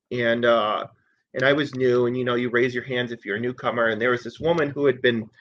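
A man's voice: mid-range voice, a bit bright, a little hiss or hum. Man in his thirties, earnest and conversational, telling his recovery story with repeated emphasis; muffled lo-fi audio. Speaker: recovery meeting speaker. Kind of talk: personal recovery share.

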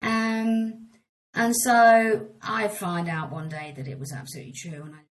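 A woman's voice: medium pitch, level tone, a little slow, poor audio. A middle-aged woman tells her life story in a frank, meandering way, often restarting her sentences. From England. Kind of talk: candid personal storytelling.

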